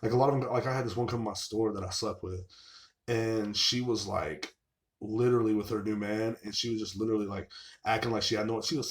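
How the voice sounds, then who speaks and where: A man's voice: on the low side, steady tone, fairly quick, pauses often. A man hosting his own show, venting in a casual, rambling, sarcastic monologue full of profanity. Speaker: show host.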